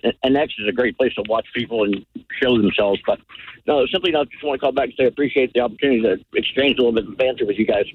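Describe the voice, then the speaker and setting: A man's voice: medium pitch, racing, slight background noise. A man calling in to a radio show, speaking in an earnest and polite way over the phone. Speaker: caller. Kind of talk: radio call-in. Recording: phone line.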